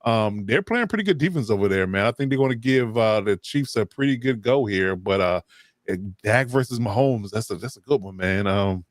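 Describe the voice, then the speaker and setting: A man hosting a casual sports podcast, relaxed and filler-heavy, who lifts his voice when he moves things on. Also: fairly low pitch, normal speed, dry recording, studio quality. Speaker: host.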